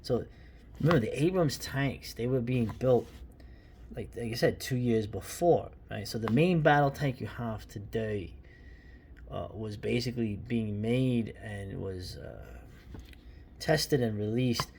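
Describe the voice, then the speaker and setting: A man's voice: medium pitch, unhurried, darkish tone, a little hiss or hum. A man in his fifties from New York, giving casual, rambling and opinionated commentary while paging through an old comic. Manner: rambling, opinionated, many restarts and asides. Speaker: comic book reviewer.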